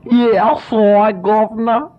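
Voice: medium pitch, steady tone, slow pace, lightly acted. A performer playing a nervous, deferential male tape technician in an amateur radio play. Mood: meek. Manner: meek and deferential. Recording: dull lo-fi tape recording with faint noise.

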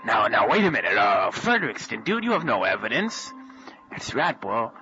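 A man's voice: on the low side, big pitch swings, moderate pace, exaggerated voice. A man voicing a folksy male sidekick detective with a drawl who keeps saying "boy", in an amateur improvised radio comedy. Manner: drawling, ends lines with "boy". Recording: muffled lo-fi tape with loud hiss.

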